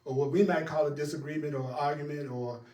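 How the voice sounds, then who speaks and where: A man with a notably high voice leads a spiritual teaching session. He speaks emphatically and laughs often as he addresses his listeners directly. The sound is roomy and echoey. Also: fairly even intonation, fast, darkish tone, distant mic. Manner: emphatic, laughing, talks straight to the audience. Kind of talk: teaching a class.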